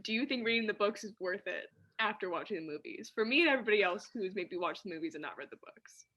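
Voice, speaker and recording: A young woman chatting on a podcast in a bright, slightly husky voice that swings high and low. She talks playfully and breaks into laughs. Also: expressive, fast. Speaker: podcast co-host. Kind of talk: casual chat.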